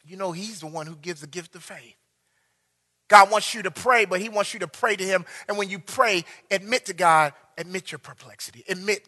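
A man preaching a sermon, impassioned, swinging between loud bursts and hushed lines. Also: high-pitched, normal speed. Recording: long hall reverb.

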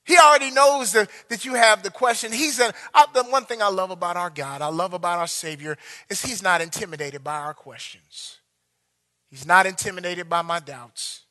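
A man preaching a sermon, impassioned, swinging between loud bursts and hushed lines. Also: high voice, moderate pace. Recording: long hall reverb.

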